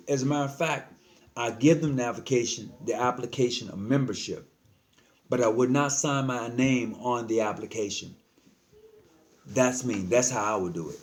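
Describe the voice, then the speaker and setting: A man's voice: medium pitch, a little mellow. An earnest man talking casually to the camera, giving frank advice as a lodge member, often repeating himself and slipping into slang.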